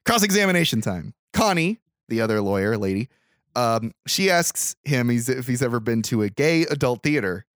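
Man, casual movie recap, acts out quotes, dry close sound, mid pitch. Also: normal speed, no echo. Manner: animated retelling, acting out quotes, swearing. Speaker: podcast host.

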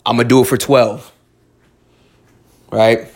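The man speaks a little slowly in a level, medium-pitched voice that's a little mellow. He casually tells a story and gives sincere, motivating advice, bluntly and with plenty of swearing, often starting his sentences over.

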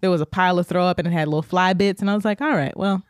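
A woman's voice: on the low side, fairly even intonation, rapid-fire, smooth, dry recording. Casting: a drunk woman co-host, crude and joking, dry close sound. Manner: crude, joking, loud laughs. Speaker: podcast co-host. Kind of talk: casual drunk chat.

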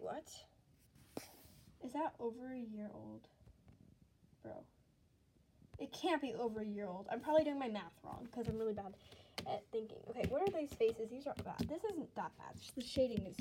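A woman's voice: fairly high pitch, dark tone, a little hiss or hum, low-quality recording. A teenage girl vlogging casually about her old drawings, self-mocking and giggly, often dropping into whispers. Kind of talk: casual commentary on old sketchbook. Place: bedroom at home.

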